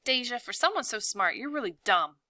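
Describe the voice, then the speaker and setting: A woman's voice: mid-range voice, animated, normal speed, pushed and bright, dry recording, poor audio. A woman reading a novel aloud, voicing a kind schoolboy with an urgent, pleading manner. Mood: upset. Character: earnest schoolboy, usually kind.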